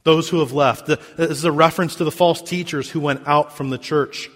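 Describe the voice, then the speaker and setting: A man preaching a sermon as pastor, reading scripture and stressing key words, with sharp swings between loud emphasis and quiet drops. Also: steady tone, brisk, long reverb tail. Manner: emphatic preaching with big swings in pitch and volume.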